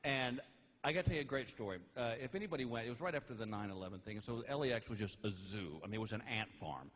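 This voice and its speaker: A man's voice: medium pitch, very fast. A middle-aged man performing a stand-up comedy routine on a live stage, acting out the people in his stories. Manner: animated, acts out voices. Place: live venue with audience.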